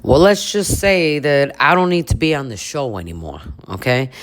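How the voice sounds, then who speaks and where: A cocky young man brags and brushes off his critics, as a woman puts him on. His tone drops low and dismissive at the ends of phrases. It is a comedic parody. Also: sing-song, moderate pace. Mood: smug. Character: smug, boastful young man.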